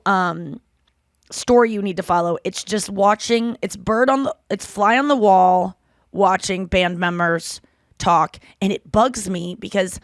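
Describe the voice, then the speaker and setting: In clean studio sound with no echo, a podcast host in her thirties talks at a medium pitch. She's chatty and rambling, swearing freely as she goes through a casual chat.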